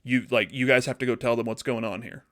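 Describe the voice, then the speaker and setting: A man playing a brave fox squad leader, loud urgent orders, space dogfight hero. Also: mid-range voice, fairly even intonation, quick pace, dry recording, clean studio sound, lightly acted. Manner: yelling orders. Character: heroic male fox squadron leader, commanding father.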